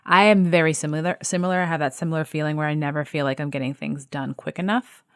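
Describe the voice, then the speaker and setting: A woman's voice: low-pitched, steady tone, fast talker, smooth, no echo, clean studio sound. A woman hosting a podcast in a candid conversation, chatty and self-deprecating, with many "like"s. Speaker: podcast host.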